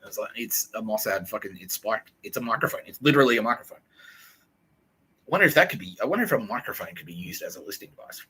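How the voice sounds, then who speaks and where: A man's voice: fairly low pitch, expressive, quick pace, sharp tone, husky, low-quality recording. A man hosting a podcast, rambling through profane casual banter and laughing often. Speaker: podcast host.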